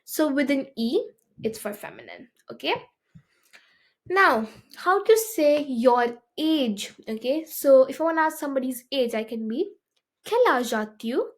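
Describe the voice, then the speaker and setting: A woman's voice: high voice, expressive, measured pace. A woman teaching a beginner French lesson, explaining step by step and often checking with "okay?".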